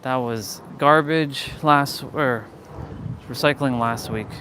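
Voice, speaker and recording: A man's voice: mid-range voice, slow pace, bright, forceful tone, a little hiss or hum. A man hosting a fitness livestream, talking in a loose, rambling, joking way. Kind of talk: casual livestream chat.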